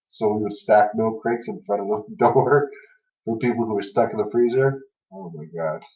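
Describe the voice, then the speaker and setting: Recorded in an echoey room far from the mic, the sound is dull and lo-fi. A man hosting a podcast shares funny tales from a former job in a warm, lowish voice with fairly even intonation at normal speed, laughing between lines and saying "you know" a lot.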